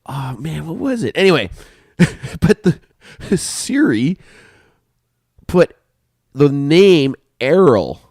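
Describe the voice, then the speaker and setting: A man's voice: fairly high pitch, very animated, slow pace, a little mellow, no room sound, studio quality. A Canadian man hosting a podcast, telling rambling, profane stories in casual chat, drifting into asides. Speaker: podcast host.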